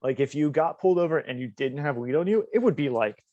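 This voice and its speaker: A man's voice: on the high side, lively intonation, quick pace, mellow, no echo. A young man telling rambling, profane stories and laughing on a casual podcast. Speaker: podcast co-host. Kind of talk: casual storytelling. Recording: dull lo-fi podcast audio.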